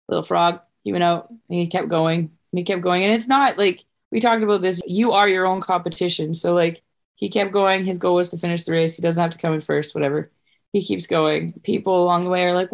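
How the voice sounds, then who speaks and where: A woman's voice: on the low side, steady tone, a little fast, vocal fry. Earnest woman telling a heartfelt story. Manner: earnest and heartfelt, tearful at times. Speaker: podcast guest. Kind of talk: casual chat, telling a story.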